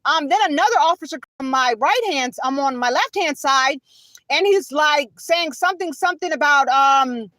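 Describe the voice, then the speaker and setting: A woman's voice: high-pitched, animated, normal speed, bright, forceful tone, dry recording, poor audio. A woman telling a rambling personal story, often asking "okay?" and "you know". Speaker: vlogger.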